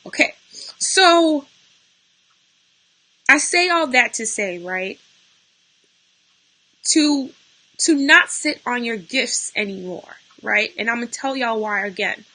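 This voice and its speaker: A young woman talks to her viewers live, unscripted and close to tears. Her voice sits a little high and sounds bright and forward, and it is getting worn and hoarse. She breaks off now and then to greet the people watching. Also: lively intonation, slow, pauses often, poor audio. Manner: tearful, talking through grief, greets viewers mid-sentence. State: losing her voice, near tears. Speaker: livestream host. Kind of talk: unscripted emotional live talk.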